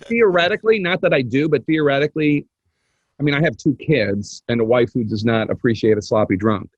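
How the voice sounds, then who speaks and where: A man appearing as a podcast guest in casual chat, earnest and quick, filling pauses with "like" and restarts. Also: mid-range voice, breathy edge, no room sound, dull audio. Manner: quick, earnest, self-interrupting with fillers.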